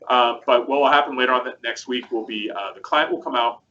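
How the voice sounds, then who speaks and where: A man hosts a casual webcast and talks through a software demo, his voice bright and a little forceful. He rambles loosely with plenty of ums and uhs. The audio is dull and lo-fi with a faint hiss of noise underneath. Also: mid-range voice, fairly quick. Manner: rambling, chatty, many fillers. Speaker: co-host presenting a product demo.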